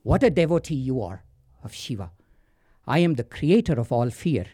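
A husky-voiced man voicing a harsh, imperious male god of death in a told story. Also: medium pitch, sing-song, normal speed, warm tone, dry recording, clean studio sound. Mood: mocking. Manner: imperious, mocking.

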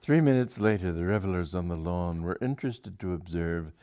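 A man's voice: deep voice, animated, a little fast, warm tone. Amused man reading a comic story aloud. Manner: amused, chuckling, occasional stumbles. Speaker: reader.

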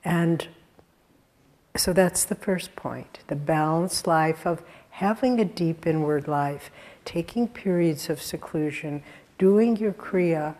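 Slow, low-voiced woman telling spiritual stories. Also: mellow. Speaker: spiritual teacher giving a talk. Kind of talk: sermon-style storytelling talk.

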